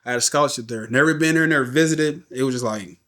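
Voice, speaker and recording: A man's voice: mid-range voice, fast talker, fairly bright tone. Man telling his life story casually. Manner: casual, often repeats words and says "you know what I'm saying". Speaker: podcast guest. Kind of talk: candid personal storytelling.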